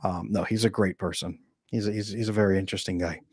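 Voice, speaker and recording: A man's voice: low-pitched, fairly even intonation, darkish tone, slightly rough, dry recording, clean studio sound. A man who coaches on relationships, chatting casually and joking as he answers viewer comments on a live Q&A from home. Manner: joking, chatty, quick to laugh. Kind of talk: casual livestream chat, reading viewer comments. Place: home room with a bookshelf behind him.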